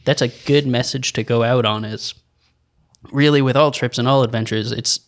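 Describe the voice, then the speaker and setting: A man's voice: mid-range voice, steady tone, moderate pace. A man co-hosting a podcast, casually reflecting and then signing off the episode. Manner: reflective, wrapping up the show. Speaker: podcast co-host. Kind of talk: casual chat.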